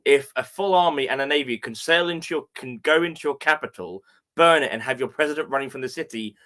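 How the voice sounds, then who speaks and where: A man's voice: mid-range voice, fast, pushed and bright. A man chatting casually over drinks, chuckling and swearing freely.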